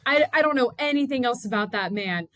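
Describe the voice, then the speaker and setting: A woman co-hosting a podcast, chatting in a relaxed, joking way. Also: fairly high pitch, a little fast, no room sound. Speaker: podcast co-host. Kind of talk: casual chat.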